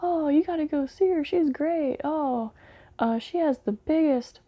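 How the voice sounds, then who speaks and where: A woman's voice: sits high, a little slow, lo-fi sound, voice pushed up. A woman voicing a sleazy, pushy male stand-up comic with eager, repetitive patter. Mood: leering.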